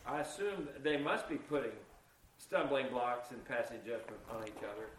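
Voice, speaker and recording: A man's voice: mid-range voice, animated, moderate pace, breathy edge, low-quality recording. A man in the congregation reading a Bible verse and answering the preacher, a little apologetic.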